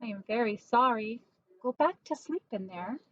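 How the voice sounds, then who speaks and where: A woman's voice: fairly high pitch, animated, moderate pace, fairly bright tone, dull audio. A woman voicing an earnest, proud male goose with an insistent manner, in a picture-book read-aloud. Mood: hushed.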